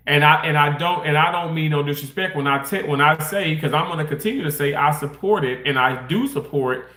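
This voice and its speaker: A man's voice: on the high side, fairly bright tone, echoey room. A man who works in a hospital, talking in a casual vlog rant, rambling and emphatic with many restarts. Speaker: hospital worker.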